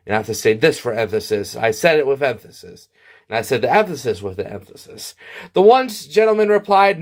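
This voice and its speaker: A man telling an absurd comic story in a deadpan, rambling way, full of restarts and asides. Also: mid-range voice, brisk.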